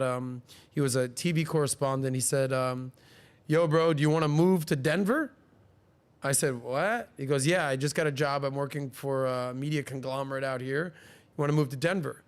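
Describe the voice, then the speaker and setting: A man's voice: medium pitch, normal speed, clean tone. A man in his forties hosting a podcast, telling stories casually and acting out the voices of the people he quotes. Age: 40s. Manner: animated, acts out quoted voices. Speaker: podcast host. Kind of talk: casual storytelling.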